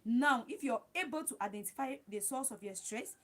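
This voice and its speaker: A woman's voice: fairly high pitch, animated, brisk, a bit bright. A woman hosting a casual livestream, giving advice and repeating her points while talking straight to her viewers. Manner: repetitive, talks straight to viewers as "guys". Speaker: livestream host.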